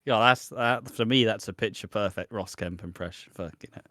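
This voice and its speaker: A man's voice: fairly low pitch, a little fast, fairly bright tone, dry recording, clean studio sound. A man co-hosting a podcast, recapping a soap in casual, jokey chat full of swearing, from a room at home. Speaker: podcast co-host.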